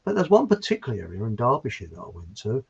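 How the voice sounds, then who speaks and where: A chatty southern English man tells stories as a guest over a video call. His voice is a little husky and lively, swinging up and down. The sound is dull and muffled. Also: fairly low pitch, quick pace. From southern England. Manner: chatty storyteller, animated. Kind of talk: casual chat on a video call.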